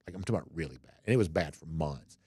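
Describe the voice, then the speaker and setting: A man's voice: rumbling low, animated, racing, a little mellow, husky, dry recording, studio quality. A man hosting a sports talk show, chatting loosely with many fillers and restarts as he reads out listener comments. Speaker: podcast host.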